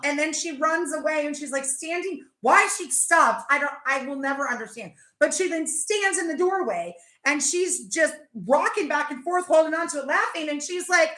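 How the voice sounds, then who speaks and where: High bright woman host rambling live, laughs a lot, echoey room. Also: moderate pace. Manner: chatty, laughing, tells stories with acted-out quotes. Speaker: livestream host. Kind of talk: casual live chat.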